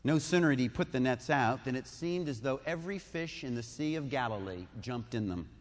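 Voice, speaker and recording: A man's voice: medium pitch, expressive, brisk, big-room sound. A man preaching a sermon, retelling a story conversationally with asides and questions to the listeners. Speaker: pastor.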